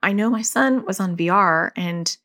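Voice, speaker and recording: Middle-aged woman talking parenting tips, chatty, lots of you-knows, mid pitch. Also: normal speed, fairly bright tone. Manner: chatty, fillers like "you know". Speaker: parenting coach. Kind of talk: casual advice talk.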